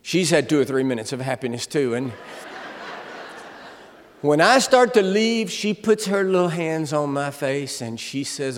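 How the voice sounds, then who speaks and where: A man in his seventies preaching a humorous sermon as a guest speaker, telling stories with comic timing and shouting at the big moments. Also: on the high side, sing-song, a little slow, a little hiss or hum. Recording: long reverb of a large hall.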